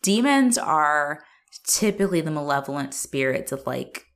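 A woman with a somewhat low voice chatting casually about a movie. She talks loosely, full of fillers and swearing. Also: very animated, normal speed, a bit bright. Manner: chatty, filler-heavy, profane, laughs often. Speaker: podcast co-host. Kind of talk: casual movie-review chat.

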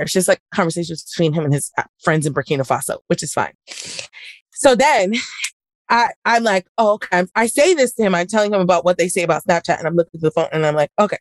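A woman's voice: fairly low pitch, no room sound. A woman casually telling a story on a podcast, acting out both sides of an argument. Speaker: podcast co-host. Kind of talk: casual chat.

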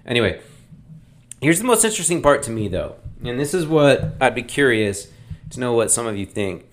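A man's voice: mid-range voice, very animated, moderate pace. A man hosting a casual movie review, talking in a rambling, opinionated way with lots of fillers. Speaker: podcast host reviewing films.

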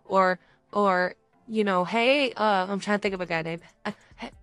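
A young woman co-hosting a studio podcast, lively and animated as she acts out quick scenes. Her voice sits at a middle pitch, recorded close and dry with faint music underneath. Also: dry recording. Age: young adult. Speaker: podcast co-host. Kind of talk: casual podcast chat.

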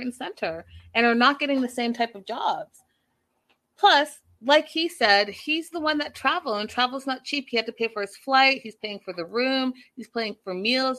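A woman vlogger chatting casually and recapping a show in an animated, gossipy way. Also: high-pitched. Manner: animated, gossipy, speeding up and slowing down. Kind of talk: casual chat.

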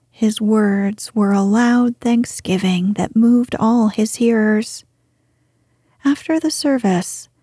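A woman reads a bedtime story in a breathy, hushed whisper. She speaks very slowly in a mellow voice. The recording is close and dry. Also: medium pitch, dry recording. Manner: soothing, slow and hushed.

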